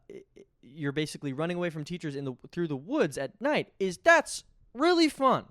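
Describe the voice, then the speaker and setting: A man's voice: fairly high pitch, no room sound, clean studio sound. A man, hosting a podcast in a rambling, self-interrupting comedic monologue. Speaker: podcast host.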